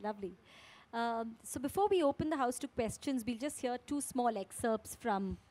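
A woman's voice: a little high, expressive, moderate pace, darkish tone. Appreciative Indian woman panel chair. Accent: Indian English. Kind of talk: moderating a literary panel.

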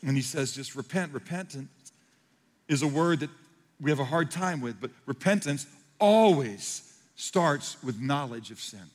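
A man's voice: mid-range voice, animated, unhurried. Emphatic preaching man in a reverberant hall. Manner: swings from hushed to loud, emphatic preaching. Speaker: pastor. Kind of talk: sermon.

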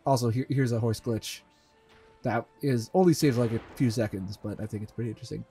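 A man's voice: mid-range voice, fairly even intonation, a little fast, dark tone, faint music behind. A man reading a fanfiction aloud as a comedic dramatic reading over gameplay, mocking it and deadpanning the punctuation marks. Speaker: let's play host reading a fanfic.

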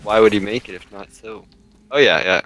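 A man's voice: fairly low pitch, a little fast, fairly bright tone, poor audio. A young man giving casual commentary while playing a video game with a friend, chatty and joking, laughing at the chaos on screen. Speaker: gamer co-host.

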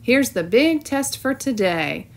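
A woman's voice: on the high side, big pitch swings, takes it slowly, exaggerated voice. A woman voicing a stern, weary male dog-school teacher in a storybook read-aloud, with a bossy, exasperated manner. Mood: instructing.

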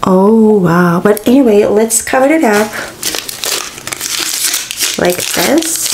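A woman's voice: mid-range voice, a little mellow, slight background noise. A tired woman in her thirties chatting casually to camera, rambling with sighs and exclamations. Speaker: vlogger.

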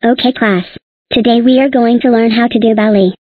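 A woman's voice: on the high side, steady tone, fairly quick, no echo, close to an everyday voice. A female computer voice playing a bossy ballet teacher in a cartoon, with a tinny phone-like sound. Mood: instructing. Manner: bossy, scolding.

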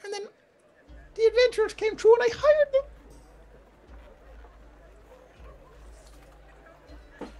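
A woman voicing a small, guilty gnome woman who wails and sobs as she confesses, her voice squeaking between laughter and tears. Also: quick pace, mellow. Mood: desperate. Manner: high squeaky wail, laughing and crying as she pleads. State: crying. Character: sobbing, shrill little gnome woman, guilty and desperate.

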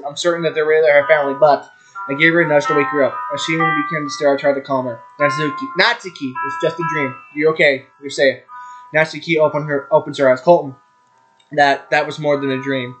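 A young man with a slightly high voice reads a visual novel out loud at a brisk clip, tripping over names and cursing at himself as he goes. Game music plays clearly behind him. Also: steady tone. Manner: reads fast, stumbles on names, swears and laughs at himself. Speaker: gaming YouTuber. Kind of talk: reading a visual novel aloud with commentary. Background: background music.

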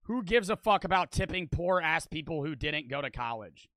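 Heated bright-voiced teen boy streamer. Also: fairly high pitch, lively intonation, normal speed, no room sound. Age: teens. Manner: heated, profane, full of "like" fillers. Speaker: streamer reacting to a video. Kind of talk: casual reaction commentary.

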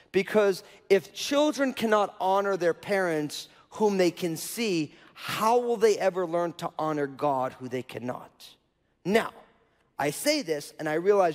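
Guy preaching in church, casual and chatty, keeps asking right?, big echoey hall. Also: on the high side. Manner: conversational preaching with frequent rhetorical "right?". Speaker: pastor. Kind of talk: sermon. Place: church auditorium. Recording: long reverb of a church hall.

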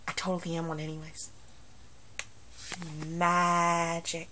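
A young woman with a Southern US accent, chatting and joking through an accent-challenge vlog into a phone. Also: medium pitch. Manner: chatty, joking, animated outbursts. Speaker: vlogger.

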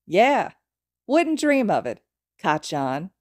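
A woman's voice: deep voice, very animated, brisk, mellow, no echo, clean studio sound. A woman voicing a cheerful, goofy teenage boy with a playful manner.

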